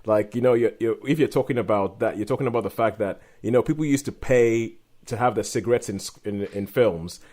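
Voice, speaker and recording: A man's voice: lowish voice, a little fast, few pauses, warm tone. A man hosting a podcast, talking in a chatty way with frequent laughs. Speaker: podcast host. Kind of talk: casual chat.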